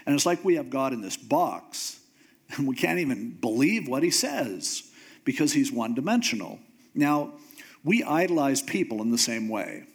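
A man's voice: medium pitch, normal speed, husky. A man preaching a sermon in a casual, conversational way, acting out the voices of the people in the story he retells. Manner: animated storytelling, acting out voices of God and Moses; conversational, informal phrasing. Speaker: pastor.

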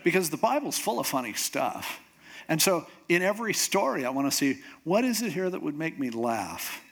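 Middle-aged guy pastor giving a sermon, kinda high voice, really lively up and down, talks like he's just chatting. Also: normal speed, husky. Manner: conversational, animated preaching with quoted inner thoughts.

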